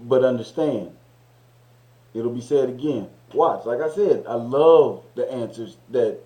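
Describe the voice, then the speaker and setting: A man's voice: mid-range voice, measured pace, echoey room, dull audio. Scolding male stream host. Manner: lecturing, scolding, swearing. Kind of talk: reaction livestream chat.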